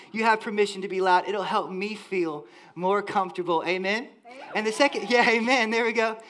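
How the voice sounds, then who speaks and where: A man from the Southern United States preaching a lively, joking sermon as a church worship leader. He talks directly to the congregation. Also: high-pitched. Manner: enthusiastic, playful, talks to the congregation. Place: church sanctuary.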